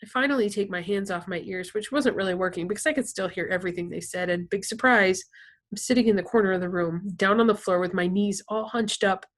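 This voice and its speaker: Casting: a woman narrator, expressive storybook reading, mid pitch. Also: brisk. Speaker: reader. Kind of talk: reading a novel aloud.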